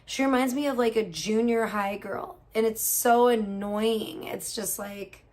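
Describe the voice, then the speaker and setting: A woman's voice: on the high side, fairly even intonation, a little slow, a little mellow. A woman hosting a casual livestream, gossiping and reacting to chat, swearing freely. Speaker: livestream host.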